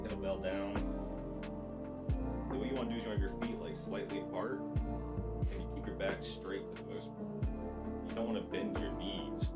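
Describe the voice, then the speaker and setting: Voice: low-pitched, fairly even intonation, normal speed, long pauses, over loud music. A livestreamer chatting casually on stream in a self-mocking, talkative way.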